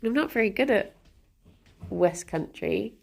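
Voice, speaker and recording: A woman's voice: mid-range voice, expressive, a little slow, vocal fry, darkish tone. A young woman chatting casually on a livestream at home, giggling and talking to her pet rabbits. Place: at home, indoors.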